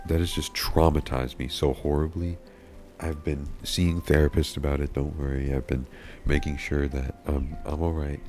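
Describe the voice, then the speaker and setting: A man's voice: a bass voice, warm tone. A man telling a comedic story in a rambling, mock-serious way, stumbling over repeated words. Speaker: video creator. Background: background music.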